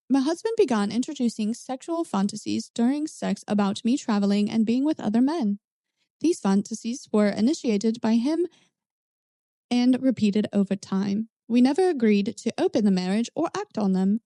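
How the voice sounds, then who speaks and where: A woman's voice: a little high, animated, normal speed, mellow, no room sound, studio quality. A woman reading online advice posts aloud and breaking in with blunt, sarcastic commentary in a casual way. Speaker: reddit story reader and commentator.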